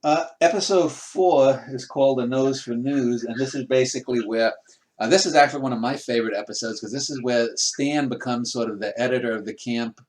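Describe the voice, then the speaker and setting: A man's voice: mid-range voice, fairly quick. A man interviewing a guest over a video call, asking long rambling questions with many restarts. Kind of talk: casual remote interview.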